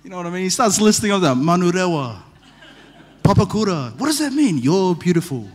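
A man preaches with a high voice and a lively storytelling manner, tossing in humorous asides. His words ring out with a long reverb in a church hall. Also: brisk, slight background noise. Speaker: pastor. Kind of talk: sermon.

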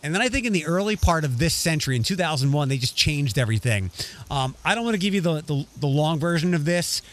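A man's voice: on the high side, lively intonation, fast, fairly bright tone. A man co-hosting a casual discussion podcast, talking in a rambling way with frequent restarts. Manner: rambling, restarts often, reads news excerpts aloud.

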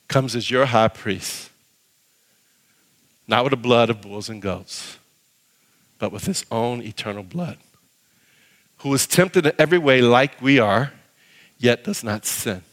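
A man preaching a sermon as pastor, animated, acting out little voices in his quotes, then dropping low and soft to read scripture. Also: measured pace, long pauses, in a large hall. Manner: drops to a low soft voice when reading scripture.

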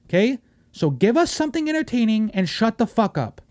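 A man hosting a podcast, ranting loudly and mockingly with heavy swearing, dropping to low mutters between outbursts. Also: very animated, brisk. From Washington State, US. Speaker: podcast host. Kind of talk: casual podcast rant.

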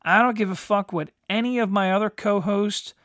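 A man's voice: high voice, normal speed, a bit bright, no echo, studio quality. A man ranting bluntly in a monologue, swearing heavily and tagging lines with "you know". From United States. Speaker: podcast host.

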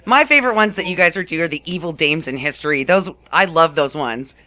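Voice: medium pitch, lively intonation, a little fast, pushed and bright, no room sound. A podcast co-host chatting casually, teasing the guest and laughing often.

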